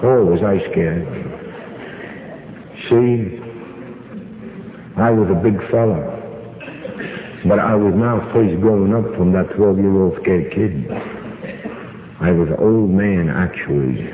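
A man's voice: low voice, slow pace, pauses often, slight background noise. A man giving a personal recovery testimony at a meeting, a wry, folksy storyteller who acts out dialogue. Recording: echoey hall, dull lo-fi sound.

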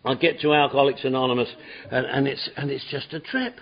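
A man's voice: medium pitch, fairly even intonation, quick pace. A man giving a personal recovery testimony at a meeting, rambling and repetitive with stammering restarts. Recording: dull lo-fi recording.

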